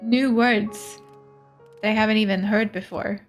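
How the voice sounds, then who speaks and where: A young Swedish woman, whose first language is Swedish, streams herself playing a game, chatting casually, giggling, and reading the game's text out loud. Her voice is medium in pitch with a steady tone and a slightly slow pace. Faint music plays in the background.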